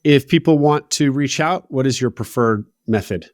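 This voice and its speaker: A man's voice: medium pitch, moderate pace, darkish tone, no echo, studio quality. A man hosting a business interview podcast, asking long rambling questions in an upbeat way. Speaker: podcast host.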